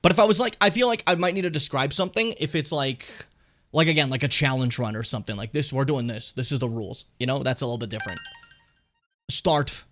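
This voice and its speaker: A man's voice: a little high, fast talker, fairly bright tone, soft background music. A young man streaming a video game, rambling casually and swearing often. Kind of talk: let's play commentary.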